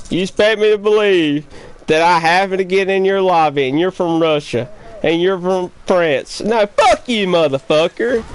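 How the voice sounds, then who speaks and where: A man ranting at other players during a live game stream, taunting, profane and repeating his jabs over and over. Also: high-pitched. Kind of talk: trash-talking live-stream chat.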